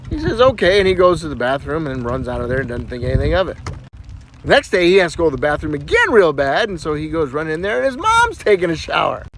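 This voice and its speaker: A man telling a crude joke in an animated way. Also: fairly high pitch, quick pace, slight background noise.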